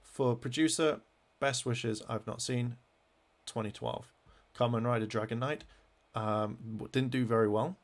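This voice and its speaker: An angry fan vlogger with a gravelly voice rants on his vlog while browsing web pages, swearing in nearly every sentence. His heated, halting talk is full of false starts, delivered at an ordinary male pitch with a rough creak throughout.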